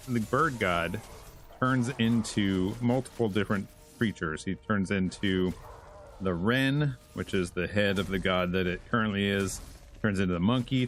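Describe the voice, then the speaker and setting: Lively low-voiced man reviewing a comic. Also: unhurried. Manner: animated, chuckles while retelling. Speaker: host. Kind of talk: casual comic book review.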